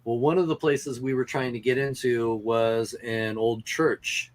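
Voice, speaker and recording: A man's voice: medium pitch, little pitch movement, measured pace. A man, a paranormal investigator, chatting casually as a guest. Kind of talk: casual chat.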